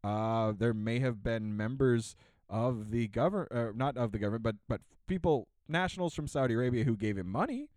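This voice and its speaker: A man's voice: mid-range voice, fairly quick, a little mellow, no echo. A man on a podcast, chatting casually in a sarcastic rant, full of fillers and restarts. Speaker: podcast co-host. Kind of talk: casual ranting chat.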